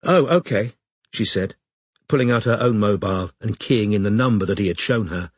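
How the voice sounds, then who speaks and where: A man reading a novel aloud as audiobook narrator, in steady, even storytelling. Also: fairly low pitch, fairly quick, breathy edge, dry recording. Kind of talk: scripted narration.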